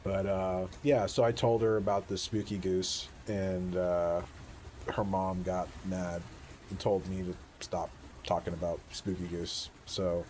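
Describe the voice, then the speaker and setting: Man in his forties, very deep voice, casual rambling reflection, outdoors, faint wind behind. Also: a little mellow. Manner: musing, unhurried, casual with swearing. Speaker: vlogger. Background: faint wind noise.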